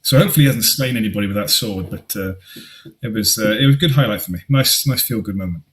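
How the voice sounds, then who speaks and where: A man telling tournament stories as a guest on a casual podcast, upbeat and quick to laugh. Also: lowish voice. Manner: enthusiastic storyteller who laughs often. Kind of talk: casual chat.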